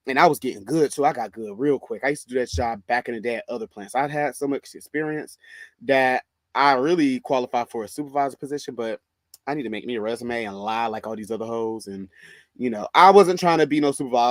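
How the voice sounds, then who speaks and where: A man with a Southern US accent telling a story in a casual monologue, animated, sassy and full of profanity. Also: mid-range voice, a little fast, no echo. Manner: animated, profane, sassy, calls listener "bitch" and "girl".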